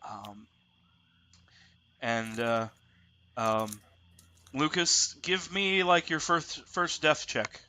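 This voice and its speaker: A man narrating as game master of a tabletop role-playing game, relaxed and thinking aloud as he goes. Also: fairly high pitch, very slow, long pauses, slight background noise.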